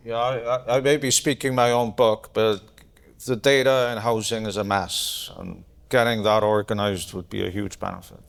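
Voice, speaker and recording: A man's voice: fairly low pitch, steady tone, normal speed, vocal fry. A man answering on a conference panel in a blunt, dryly cynical way. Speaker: panelist, economist.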